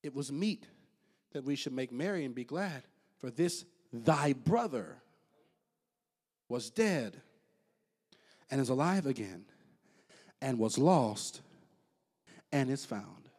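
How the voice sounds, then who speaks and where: Pastor preaching with sudden loud bursts. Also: male voice, medium pitch, lively intonation, slow, long pauses, husky. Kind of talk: sermon.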